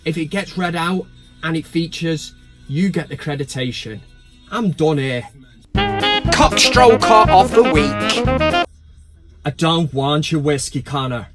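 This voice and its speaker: A young man hosting a football fan vlog, talking in blunt, sweary banter. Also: high voice. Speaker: football fan channel host. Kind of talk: casual vlog commentary.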